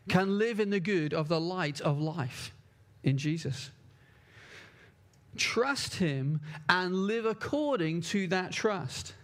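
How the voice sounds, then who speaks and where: Earnest high-voiced male preacher. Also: fairly bright tone. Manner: earnest, emphatic, repeats key words. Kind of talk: sermon.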